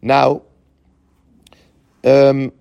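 A man's voice: mid-range voice, monotone, extremely slow, creaky, a little mellow, smooth, no echo, highs cut off. A man teaching a Talmud lesson with an Ashkenazi yeshiva pronunciation, chanting the Aramaic text and then explaining it in English. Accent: Yeshivish Ashkenazi Hebrew pronunciation.

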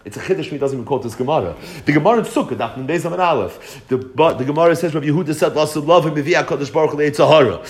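A man teaching a Torah class, asking and answering his own questions and chanting quoted texts in a slow singsong. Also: on the high side.

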